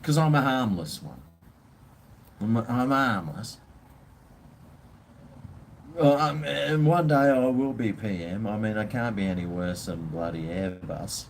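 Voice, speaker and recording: A man's voice: on the low side, animated, unhurried, pauses often, slight background noise. A man with an Australian accent, ranting bluntly and swearing as he chats casually with viewers on his livestream. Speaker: live stream host.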